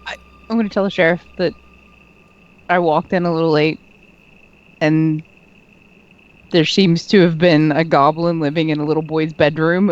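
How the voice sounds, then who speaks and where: Tabletop player, stumbling and hesitant, dull lo-fi recording. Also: medium pitch. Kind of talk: tabletop game chat.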